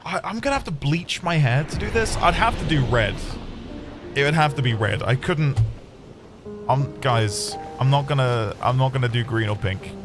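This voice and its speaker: A man chats his way through a game stream. His voice rises and falls all over as he rambles and mutters the odd curse, and game music plays clearly behind him. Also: mid-range voice, animated, moderate pace. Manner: chatty, rambling, swears lightly. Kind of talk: casual gameplay commentary.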